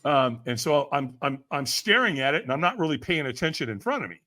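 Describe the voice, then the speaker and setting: His voice sits a little high and has a sharp tone, swinging widely in pitch as he talks a bit fast. As a guest on a podcast, he tells a high-energy story, mimicking the people he quotes, laughing often and saying "man" and "right?" again and again.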